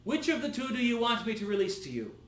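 A man's voice: extremely high pitch, very animated, fast, fairly bright tone, pitched above the performer's own voice, heavily acted. Man reading as Pilate, pressing and uneasy. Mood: pleading. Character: Roman governor, grown man, uneasy and pleading. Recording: echoey room.

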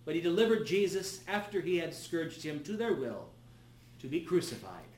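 Man reading scripture solemnly, high voice, big echo. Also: expressive, moderate pace, darkish tone. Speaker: scripture reader. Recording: echoey room.

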